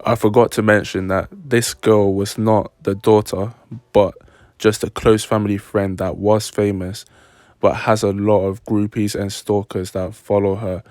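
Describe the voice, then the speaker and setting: A man adding a calm explanatory aside to his storytime vlog. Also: lowish voice, no room sound. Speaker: vlogger.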